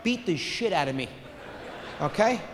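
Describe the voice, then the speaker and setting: Middle-aged male stand-up comic, high voice, loud and animated, live on stage in a reverberant hall. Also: normal speed. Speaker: stand-up comedian. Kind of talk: stand-up comedy set. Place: theater stage with live audience. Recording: live hall reverb, faint room noise.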